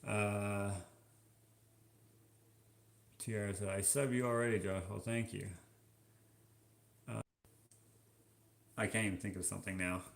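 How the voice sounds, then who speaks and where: A man's voice: fairly low pitch, steady tone, creaky, echoey room. A man from Canada chatting casually while washing dishes, reading viewer comments aloud in an offhand, joking way. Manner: slow, offhand, musing and joking. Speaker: vlogger.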